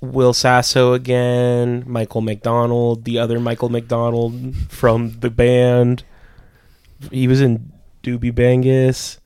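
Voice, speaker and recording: A man co-hosting a podcast, rambling through absurd comedic bits with animated voices. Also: medium pitch, slow pace, clean tone, no echo. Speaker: podcast co-host. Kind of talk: comedic riffing chat.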